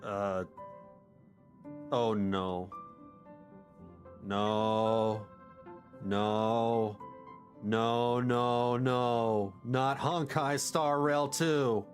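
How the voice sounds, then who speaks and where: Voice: mid-range voice, fairly even intonation, very slow, pauses often, soft background music. A game streamer reacting casually and animatedly to a story game, often laughing. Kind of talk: livestream gameplay commentary.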